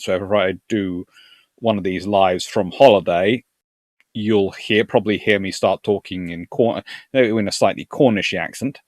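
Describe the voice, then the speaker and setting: Man, southern English accent, live-stream host, rambling, chuckling, slightly low voice. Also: fairly bright tone, no room sound, studio quality. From Surrey, England. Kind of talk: casual live-stream chat answering viewer comments.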